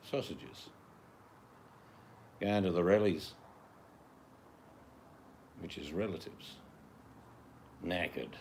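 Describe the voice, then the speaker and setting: A man's voice: low-pitched, a little hiss or hum. An older man with an Australian accent, chatting casually in a laid-back, slang-filled drawl outdoors in his garden. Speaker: vlogger. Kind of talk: casual vlog chat.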